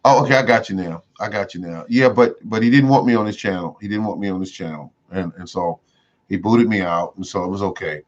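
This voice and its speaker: A lower-voiced man chats loosely through a home gardening livestream, circling back and repeating his points with lots of fillers. The audio is dull and lo-fi. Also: brisk. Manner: rambling, repeats himself, many fillers. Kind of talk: casual livestream chat. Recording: dull lo-fi sound.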